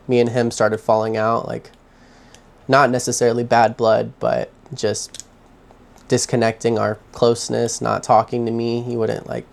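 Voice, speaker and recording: A young man vlogging from his home, telling his own story in a candid, halting way with heavy sighs. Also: medium pitch, creaky. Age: young adult. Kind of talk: personal confessional story.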